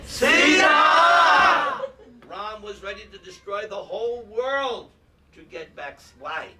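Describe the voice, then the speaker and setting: A man with a high-sitting, animated voice speaks a little slowly as he leads a devotional class, sharing stories that are both funny and moving. He's addressing a live group in a hall, recorded from a distance with a noisy crowd and room ambience behind him.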